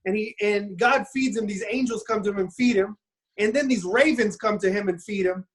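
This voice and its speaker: A man's voice: sits high, a little fast. A man retelling a Bible story in a loose, casual podcast chat. He rambles and stumbles over his words, restarting sentences as he goes. He acts out the characters' lines in little quoted voices.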